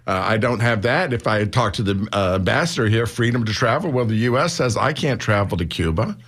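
A low-pitched man speaks as a guest on a talk radio show. He lays out his argument earnestly and builds toward pointed rhetorical questions. He is recorded in a radio studio. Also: expressive, a little fast, fairly bright tone, breathy edge. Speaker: newspaper publisher, guest. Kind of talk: radio interview.

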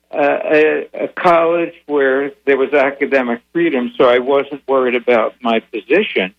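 Measured older man on muffled radio. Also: fairly high pitch. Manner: measured, many "uh" pauses, dry humor. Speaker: guest, founder of a secular advocacy group. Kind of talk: radio interview answers.

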